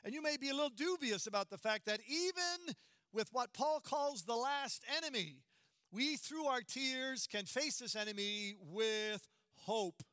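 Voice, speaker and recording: A man delivering a sermon with a high, bright voice. He speaks earnestly and emphatically, slowing and sinking to a hush on the words that matter most. The sound is dry and close. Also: expressive, clear, resonant tone, no echo. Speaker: preacher.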